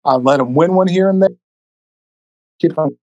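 A man's voice: on the high side, normal speed, dark tone, dry recording, dull audio. A man telling stories as a podcast guest in a casual, rambling way, swearing freely, into a cheap microphone. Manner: profane, rambling, laid-back delivery. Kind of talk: casual storytelling. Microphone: cheap USB microphone.

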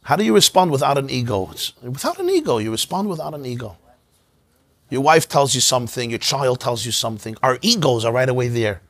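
A man, a rabbi, giving an informal synagogue class, telling stories in a conversational, animated way. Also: mid-range voice, brisk, dry recording. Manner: conversational, storytelling, animated asides.

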